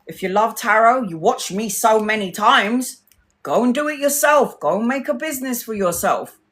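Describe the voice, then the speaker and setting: A young woman hosts a live stream as a tarot reader and chats casually with her viewers. She tells animated stories, swears freely and acts out other people's lines. Her voice sits fairly high. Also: normal speed. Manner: chatty, animated storyteller who swears freely and acts out quotes.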